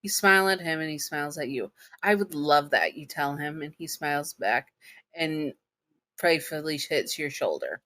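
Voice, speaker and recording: Southern woman reading a fan story out loud, stops and restarts a lot. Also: low-pitched, expressive. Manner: halting, with restarts and fillers. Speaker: fan fiction narrator. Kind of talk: second-person story reading.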